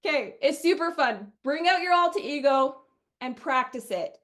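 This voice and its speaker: High voiced middle aged woman from wisconsin running a sales webinar, bubbly and chatty. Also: normal speed. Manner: energetic, chatty, often acts out quoted customers. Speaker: sales trainer. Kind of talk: webinar training talk.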